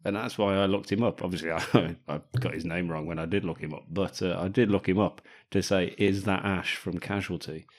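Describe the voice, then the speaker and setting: A man's voice: deep voice, steady tone, a little fast, hardly any pauses, darkish tone. A man co-hosting a podcast, joking and laughing often as he chats about a film. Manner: jokey, laughs often, teasing. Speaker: podcast co-host. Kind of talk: casual film-review chat.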